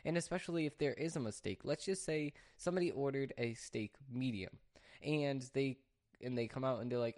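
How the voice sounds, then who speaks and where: A man's voice: mid-range voice, fairly quick, a little mellow. A man who works at a restaurant, talking casually with many fillers and restarts, venting in an exasperated rant. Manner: rambling, frequent fillers and restarts. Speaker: restaurant worker. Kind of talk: casual talk to camera.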